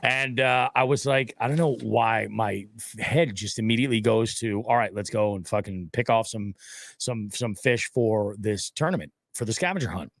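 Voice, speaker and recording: A man hosting a casual fishing podcast, telling animated stories with a lot of swearing. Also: lowish voice, moderate pace, no room sound. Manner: animated storytelling, heavy swearing. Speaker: podcast host. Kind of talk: casual profane chat.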